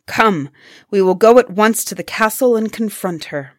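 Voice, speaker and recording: A woman voicing a determined young male prince in a storybook, speaking in a slow, measured way. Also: mid-range voice, expressive, no echo, studio quality, natural voice. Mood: earnest.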